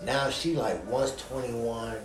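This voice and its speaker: A man's voice: medium pitch, slow pace. A man who is a guest on a podcast, rambling and repeating himself as he tells a story. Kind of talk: casual chat. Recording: echoey room, faint music.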